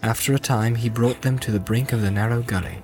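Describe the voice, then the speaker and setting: A man reading a story aloud in an even, measured way. His voice sits in an ordinary middle register as he narrates the scene calmly. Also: medium pitch. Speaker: audiobook narrator. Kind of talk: scripted narration.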